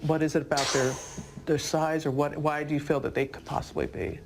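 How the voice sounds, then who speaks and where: A television interviewer asking measured, probing questions of a guest. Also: medium pitch, level tone, slight background noise.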